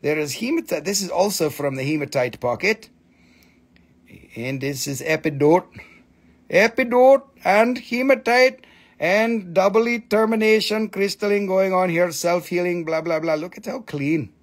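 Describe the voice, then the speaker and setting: Man, high husky voice, very animated, excitable, jokey live sales chat. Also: a little slow. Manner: excitable, joking, swears casually. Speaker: crystal seller hosting a live sale.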